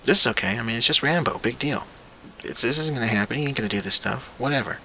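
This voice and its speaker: A man's voice: medium pitch, fast, pushed and bright, slight background noise, pitched below the performer's own voice. A man mimicking a shrugging, careless parent. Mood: dismissive. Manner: offhand, dismissive.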